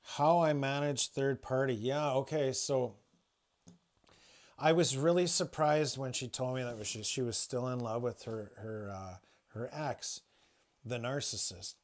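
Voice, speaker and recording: A man's voice: medium pitch, measured pace. Man in a casual home livestream, mid-range voice, loose and rambling, swears a lot. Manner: rambling, swears freely, frequent restarts. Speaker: spiritual livestreamer.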